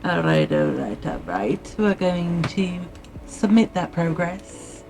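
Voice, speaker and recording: A woman's voice: on the low side, animated, slow pace, gravelly, noisy background. A woman livestreaming her writing session, muttering and thinking aloud to her viewers in casual chat, with faint music playing behind her. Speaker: livestreamer doing writing sprints.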